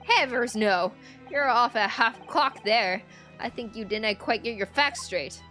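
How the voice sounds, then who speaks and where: A woman voicing a gruff, testy male prison warder in an uneven put-on Scottish accent, read from a game. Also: a little high, animated, unhurried, sharp tone, faint music behind. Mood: brusque. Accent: put-on Scottish, inconsistent. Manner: brusque, dismissive, thick brogue words. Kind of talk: reading game dialogue aloud.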